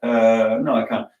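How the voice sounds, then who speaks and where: A drum teacher in a home practice room, counting out stickings and drum syllables in an easygoing, encouraging way. His voice sits at an ordinary middle pitch and sounds set back from the mic, in a reverberant room with music and drumming under him. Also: background noise. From England. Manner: chanting drum patterns and stickings aloud; relaxed, encouraging, chatty. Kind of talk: guided practice lesson. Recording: roomy, distant sound with music behind. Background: metronome and drumming.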